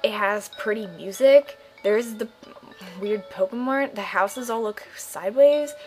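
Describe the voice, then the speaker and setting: A woman's voice: medium pitch, a little slow, soft background music, poor audio. A woman giving casual, sarcastic commentary over a game playthrough, playfully mocking the characters. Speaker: gaming channel host.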